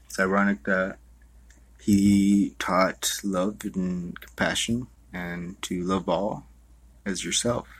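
A man's voice: sits low, fairly even intonation, slow pace, breathy edge, no room sound. A man hosting a podcast in a loose, rambling monologue, profane and full of fillers. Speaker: podcast host.

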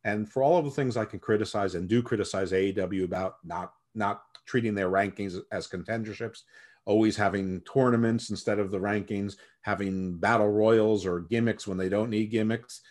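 A man's voice: on the low side, steady tone, moderate pace, a little mellow. A man guest co-hosting a casual podcast, opinionated, often repeating words as he thinks. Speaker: guest co-host.

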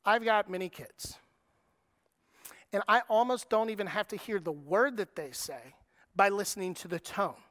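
A middle-aged man preaching a sermon, moving between lively, raised passages and soft, slow, quiet lines. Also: high-pitched, no room sound, clean studio sound. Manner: preaching with dramatic shifts in tone, acting out voices. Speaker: pastor.

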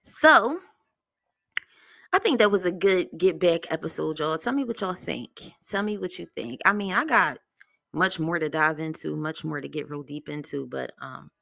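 A young woman hosts her own podcast in a blunt, profane, lively storytelling style. Her voice sits fairly low and has a gravelly fry. The sound is dry and close to the mic, with no room echo. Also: moderate pace. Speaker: podcast host. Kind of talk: solo podcast talk.

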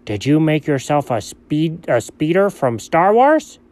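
A man's voice: fairly high pitch, sing-song, darkish tone. A man playing a curious, nerdy young male sidekick who keeps asking questions in comedy banter. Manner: inquisitive, quick follow-up questions. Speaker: co-host.

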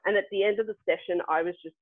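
A woman's voice: medium pitch, steady tone, very fast, no room sound. A young woman telling a story as the interview guest, chatty, laughing often and using many fillers. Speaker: guest athlete. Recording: tinny dry phone-like line.

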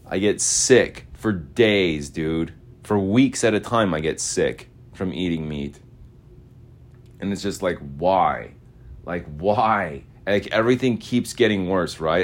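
A man's voice: low voice, a little slow. A man hosting a podcast in a casual, meandering monologue, slangy and full of filler words. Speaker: podcast host.

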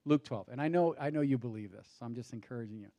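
A man's voice: medium pitch, fast talker, warm tone. A man preaching a sermon, asking rhetorical questions and building his points with rising emphasis. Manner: out of breath at times. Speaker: pastor.

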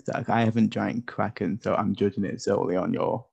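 A man's voice: on the low side, fairly even intonation, brisk, creaky, a little mellow, slightly rough. A man with a lisp hosting a podcast, chatting casually and joking around, often tripping over his words. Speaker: podcast host. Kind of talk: casual chat. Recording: dull lo-fi podcast audio.

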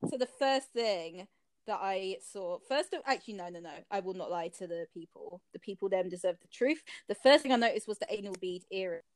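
A woman's voice: mid-range voice, expressive, fairly quick, dry recording. Giggly, cheeky woman podcast co-host. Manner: giggly, cheeky, swears freely. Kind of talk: casual chat.

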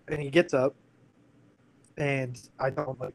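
A man's voice: mid-range voice, normal speed, darkish tone, rough recording. Earnest man in his thirties. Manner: candid and earnest, full of fillers like "like" and "you know". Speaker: guest telling a personal story. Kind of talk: casual conversational storytelling.

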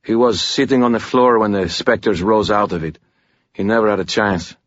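A man's voice: lowish voice, normal speed, a bit bright, no echo, lo-fi sound, close to an everyday voice. A man voicing a tough young male warden in an audiobook, speaking bluntly and urgently. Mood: grim. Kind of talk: audiobook character voice.

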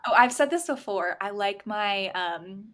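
A woman's voice: medium pitch, a little slow. Laid-back woman podcast co-host. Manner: relaxed, hedging, lots of "like" and "um". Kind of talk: casual book chat.

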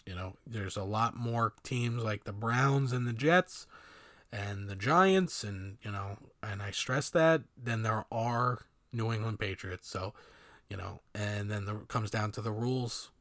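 A man's voice: fairly low pitch, a little slow, fairly bright tone, dry recording. A man giving a casual, rambling sports opinion monologue with many fillers and sardonic asides. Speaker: sports commentator.

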